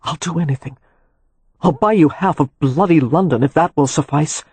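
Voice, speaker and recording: Man playing a ragged husband, urgent, dark mellow tone, husky, storybook romance. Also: fairly high pitch, normal speed, no echo. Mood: ragged longing. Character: hotel owner husband, intense, hungry.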